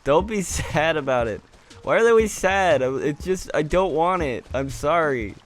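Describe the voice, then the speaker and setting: A man's voice: on the high side, expressive, normal speed. A young man giving casual commentary on his gameplay in a chatty, jokingly exasperated way. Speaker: gaming video creator.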